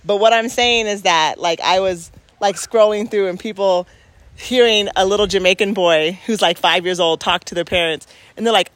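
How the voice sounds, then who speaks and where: An earnest woman talks through her thoughts in a reflective, casual way. She presses her points with emphasis and often circles back to restart a sentence mid-thought. Her voice sits at a middling pitch. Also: normal speed, a bit bright, no room sound. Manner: earnest, emphatic, thinks aloud with many restarts.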